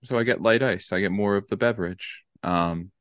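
A man's voice: on the low side, normal speed, dry recording, clean studio sound. A young man co-hosting a podcast, laid-back and rambling with lots of fillers in casual chat. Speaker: podcast co-host.

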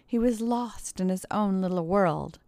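A woman narrating a story in a steady, measured way. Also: medium pitch, no echo. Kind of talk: audiobook narration.

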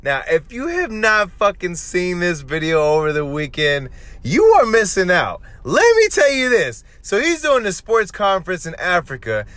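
A man hosting his own podcast, telling a story in an excitable, profane rant. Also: sits high, normal speed, dry recording. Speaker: podcast host.

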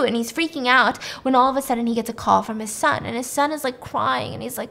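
A woman recaps a thriller plot in a loose, chatty way, swearing freely and jumping into character voices. Her voice sits fairly high. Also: fast talker, few pauses. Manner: animated, profane, acts out the characters. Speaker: podcast host. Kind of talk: casual plot retelling.

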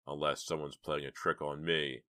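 A man's voice: extremely low pitch, flat delivery, normal speed, pushed and bright, smooth, dry recording. A man voicing a stubborn, determined teenage boy in a storybook reading. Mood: urgent.

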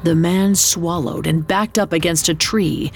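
A woman narrates a folk tale in a dramatic, scripted style. Her voice is gravelly with vocal fry and sits a little low. She speaks very slowly, with soft music playing beneath her. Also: steady tone. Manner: slow, dramatic storytelling delivery. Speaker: podcast narrator. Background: faint music.

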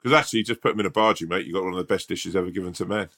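A man's voice: low voice, rapid-fire, a bit bright. A man co-hosting a podcast in casual chat, jokey and laughing easily. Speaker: podcast co-host.

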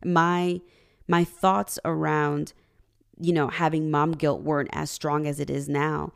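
A woman's voice: low voice, flat delivery, slow, gravelly, clean tone. A woman in her thirties giving a preachy, direct motivational talk and addressing her audience. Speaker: motivational speaker.

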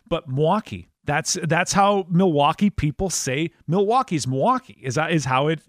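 A man's voice: on the high side, lively intonation, normal speed, no echo, clean studio sound. A man from Wisconsin with a slight Wisconsin accent, hosting a podcast interview and telling stories with a laugh. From Wisconsin, USA. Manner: chatty storyteller, laughs often, acts out dialogue. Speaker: podcast host. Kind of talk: casual interview chat.

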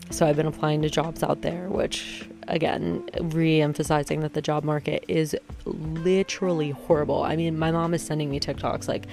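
Young woman, casual vlog chatter, lowish voice, rambling and self-correcting, faint music behind. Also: darkish tone. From US East Coast. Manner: rambling, self-interrupting, jokey, quick laughs. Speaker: vlogger.

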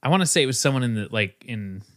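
A man's voice: medium pitch, expressive, fast, fairly bright tone. A man co-hosting a casual podcast, joking and acting out imagined scenes with lots of laughter. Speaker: podcast co-host. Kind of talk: casual chat.

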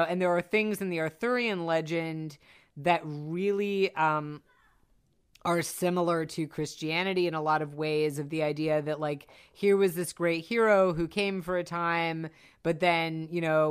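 Chatty woman with a smooth voice. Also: deep voice. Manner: chatty, animated, many fillers and asides. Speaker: podcast co-host discussing a film. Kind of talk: casual chat.

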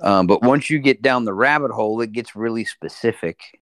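A man, a podcast guest, in casual chat and explaining things in a relaxed way. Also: mid-range voice, moderate pace, no echo, studio quality. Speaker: podcast guest, fishing industry sales director.

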